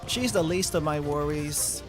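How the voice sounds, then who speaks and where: A man's voice: fairly high pitch, unhurried, music in the background. A man streaming a game, casually thinking aloud as he picks cards and mutters through his moves. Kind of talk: casual gameplay commentary.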